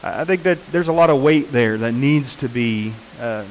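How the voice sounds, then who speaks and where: A man preaching a sermon in an unhurried, earnest way, often pausing with fillers and restarting his sentences. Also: medium pitch, a little hiss or hum, low-quality recording.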